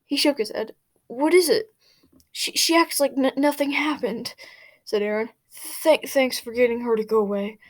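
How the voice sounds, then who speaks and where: A woman's voice: fairly high pitch, normal speed. A woman reading fan fiction aloud, stumbling over words and stopping for her own asides. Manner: stumbling, restarting, laughing asides. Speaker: fanfic reader.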